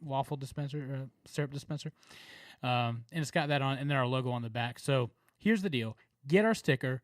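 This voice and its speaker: A man's voice: mid-range voice, a little fast, no echo. Southern guy cohosting a podcast, rambly and laughing, dry close sound. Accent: Southern American. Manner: laughing, rambling, filler-heavy. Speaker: podcast co-host. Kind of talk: casual chat.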